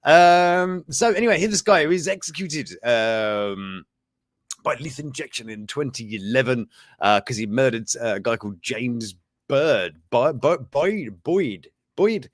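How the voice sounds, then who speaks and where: A man's voice: mid-range voice, normal speed, dry recording, studio quality. A man hosting a show, rambling through news items in casual commentary, chuckling and breaking off mid-sentence. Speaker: show host.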